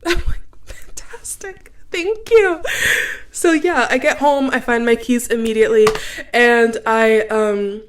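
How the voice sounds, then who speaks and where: A young woman in her twenties from Cameroon, hosting a podcast and telling a story in a chatty, animated way, full of "like". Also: mid-range voice. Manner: chatty, animated, heavy use of "like". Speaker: podcast host. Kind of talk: casual storytelling.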